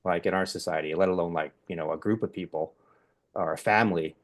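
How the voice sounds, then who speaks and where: A podcast host with a low-pitched, steady voice talks at a quick pace during a casual group discussion. He rambles, often restarting sentences and using plenty of fillers.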